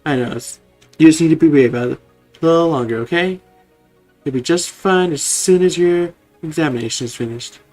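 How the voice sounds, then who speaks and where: A man voicing a kind male healer Digimon, reading game dialogue aloud in a polite, hurried way. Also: fairly high pitch, darkish tone, faint music behind, close to an everyday voice. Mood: caring.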